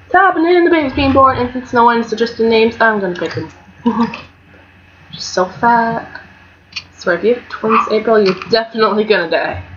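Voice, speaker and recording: A young woman narrates her life-sim play in a casual, talkative way, jumping from mock fury to excited squeals. Her voice sits a little high. The recording is muffled and lo-fi with a light hiss underneath. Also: normal speed. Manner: chatty and excitable, swinging between mock outrage and squeals. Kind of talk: casual gameplay commentary. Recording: dull lo-fi home mic with faint hiss.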